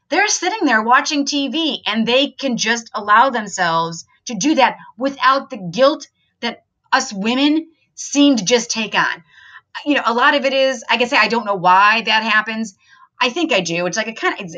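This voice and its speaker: A woman's voice: fairly high pitch, pushed and bright. A woman hosting a podcast, talking in an earnest, chatty self-help monologue with many fillers. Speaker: podcast host.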